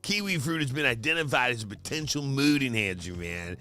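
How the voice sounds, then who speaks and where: A man doing a laid-back male hippie voice, slow and dreamy, closing his lines with "man". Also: mid-range voice, animated, pushed and bright, faint music behind. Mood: mellow.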